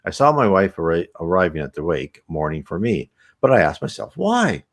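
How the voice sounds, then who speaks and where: Confused ghost of a freshly dead man, pleading and lost, read aloud by a man, low lively voice. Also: normal speed, full character voice. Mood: insistent. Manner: bewildered, pleading.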